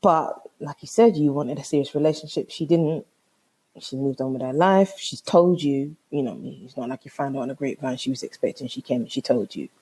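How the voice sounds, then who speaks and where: Podcast host, female: mellow husky tone, animated casual storyteller, swears freely. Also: rumbling low, fairly quick. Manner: animated, swears freely, acts out both sides of conversations.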